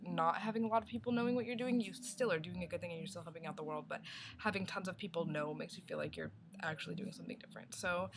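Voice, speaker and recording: A woman's voice: fairly low pitch, noisy background. A young woman vlogging a casual video response, rambling and thinking aloud with many "like"s.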